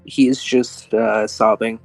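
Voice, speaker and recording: A man's voice: lowish voice, level tone, slow pace, vocal fry, faint music behind, rough recording. A man describing his character as a player in a tabletop game, hesitant with many fillers.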